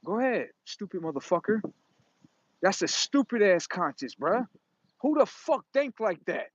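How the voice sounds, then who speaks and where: A man's voice: high voice, big pitch swings, moderate pace, no echo. Emphatic, profane man, lo-fi. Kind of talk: casual monologue. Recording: dull lo-fi recording.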